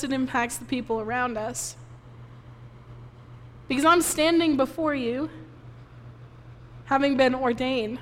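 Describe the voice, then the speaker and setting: Woman pastor, tearful sermon testimony, high voice, long hall reverb. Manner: emotional personal testimony, tearful at times. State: crying softly.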